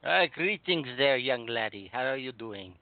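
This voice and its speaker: A man's voice: medium pitch, animated, fast talker, dry recording, natural voice. A man doing a goofy put-on old Scottish-style accent in crude comedic call-in banter. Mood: hammy. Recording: phone-like audio.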